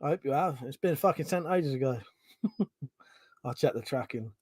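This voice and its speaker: A man's voice: medium pitch, expressive, normal speed, a little mellow, breathy edge, dry recording. A man with a British accent hosting a casual live stream, chatting sarcastically, swearing freely and reading out viewer comments. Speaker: livestream host.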